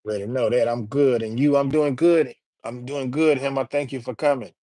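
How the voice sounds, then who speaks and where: A man hosting a casual livestream, reading viewer comments and giving shout-outs in a laid-back, slangy way. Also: medium pitch, steady tone, a little fast, no room sound, clean studio sound. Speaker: livestream host reading chat.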